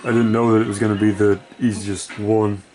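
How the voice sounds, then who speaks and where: A man's voice: fairly low pitch, little pitch movement, a little fast, a little mellow, a little hiss or hum. A sleep-deprived man giving rambling, profane, self-deprecating commentary while playing a video game. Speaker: gaming video creator. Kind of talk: casual gameplay commentary.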